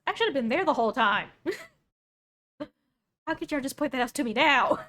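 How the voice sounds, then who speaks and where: A woman's voice: sits high, very animated, normal speed, fairly bright tone. A young woman streaming, reacting to a video with casual, sarcastic jokes. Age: young adult. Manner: joking, sarcastic asides.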